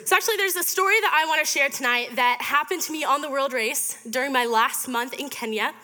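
A woman's voice: sits high, brisk, pushed and bright. A young woman in her twenties giving a chatty, upbeat storytelling sermon to a student fellowship, with lots of fillers. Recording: reverberant hall.

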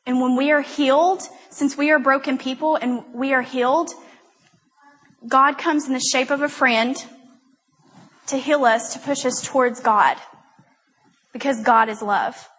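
A young woman speaks at a church gathering in a chatty, rambling way, making self-deprecating jokes as she goes. Her voice sits on the high side and has a breathy, husky edge. The sound carries the long reverb of a big hall. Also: fairly even intonation, measured pace, long pauses, fairly bright tone. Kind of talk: personal testimony talk.

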